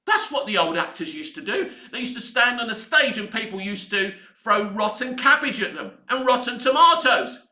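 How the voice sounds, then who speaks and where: Angry ranting man, high bright voice. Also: very animated, moderate pace, few pauses, reverberant. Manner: heated, sweary, ranting. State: voice going hoarse. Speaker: online commentary host. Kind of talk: angry opinion rant.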